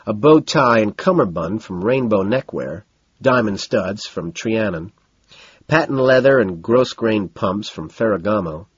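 A man's voice: fairly low pitch, husky, no echo, lo-fi sound. A man giving first-person audiobook narration in a cool, detached manner, listing details.

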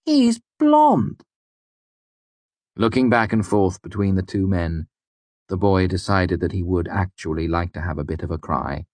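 Male audiobook narrator, very low voice, dry close recording, measured delivery. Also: level tone, a little mellow, dry recording. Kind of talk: scripted narration.

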